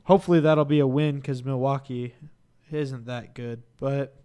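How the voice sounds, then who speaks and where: A man co-hosting a casual podcast, easygoing and chatty, reacting quickly to his co-host. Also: mid-range voice, steady tone, mellow, smooth. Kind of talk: casual chat.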